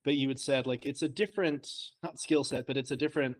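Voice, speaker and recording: A man's voice: mid-range voice, steady tone, quick pace. A young man chatting casually on a podcast, telling self-deprecating stories and laughing often. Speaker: co-host, trainee.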